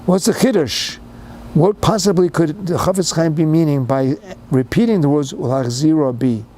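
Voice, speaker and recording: A man's voice: fairly high pitch, normal speed, warm tone. An older man giving a storytelling sermon in English sprinkled with Yiddish and Hebrew words, building to emphatic, fervent passages. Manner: retells a story with rising, emphatic fervor. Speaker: speaker giving a Torah talk.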